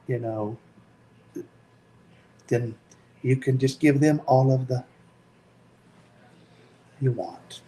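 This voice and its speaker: A man with a Tennessee accent hosting a casual livestream, talking slowly with lots of ums in an easygoing, joking way. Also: mid-range voice, dark tone, slight background noise, low-quality recording. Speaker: FPV drone channel host.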